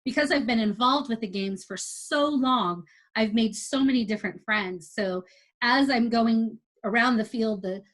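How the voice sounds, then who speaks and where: A woman telling a lively, casual story about competing for the first time as an amateur athlete. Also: a little high, measured pace. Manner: chatty, animated retelling with quoted dialogue.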